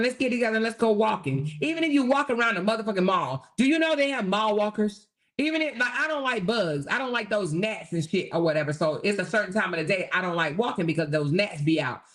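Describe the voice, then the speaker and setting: A brash woman rants on her own livestream, combative and swearing freely. She talks straight to her viewers and keeps checking in with them as she goes. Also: mid-range voice. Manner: addresses viewers directly with repeated "okay?". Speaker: livestream host. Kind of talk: profane live-stream rant.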